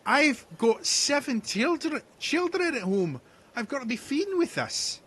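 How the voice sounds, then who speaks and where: A man's voice: very high-pitched, big pitch swings, unhurried, bright, forceful tone, pitched above the performer's own voice, full character voice. A man voicing a burly, pushy male hunter with a coaxing, blustery manner. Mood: pleading. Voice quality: broad dialect, coaxing and blustery.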